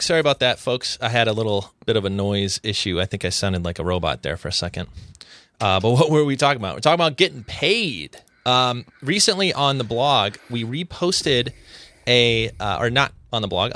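A man hosts a casual podcast, wandering through his points and restarting sentences as he goes. His voice sits a little low but has a bright, forward edge. The sound is dry, with almost no room around it. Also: dry recording. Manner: rambling, restarts often. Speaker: podcast host.

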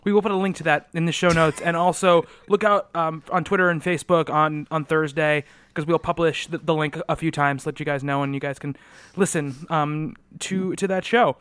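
A man's voice: on the high side, steady tone, normal speed, fairly bright tone, smooth, no echo. A man hosting a comics podcast in casual chat, upbeat and rambling, laughing often. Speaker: podcast host.

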